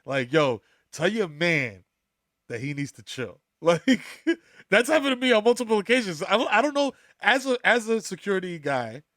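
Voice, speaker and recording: A man's voice: fairly high pitch, fairly bright tone, no echo, studio quality. Laid-back New York man riffing. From the Bronx, New York. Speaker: podcast co-host. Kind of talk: casual comedic chat.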